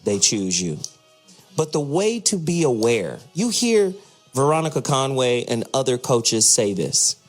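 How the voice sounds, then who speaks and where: A middle-aged man hosting a radio talk show, animated, profane and playful. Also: mid-range voice, measured pace, soft background music.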